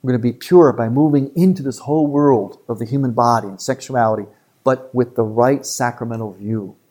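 A man, a priest giving a retreat talk to a live audience in an earnest, emphatic way with quick asides. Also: medium pitch, darkish tone.

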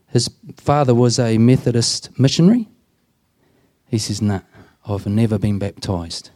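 A man's voice: mid-range voice, moderate pace, warm tone. A man, a deacon, earnestly telling stories in an interview and acting out the dialogue. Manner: earnest, plain-spoken, acts out quoted dialogue. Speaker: deacon and prison minister. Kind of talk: storytelling in an interview.

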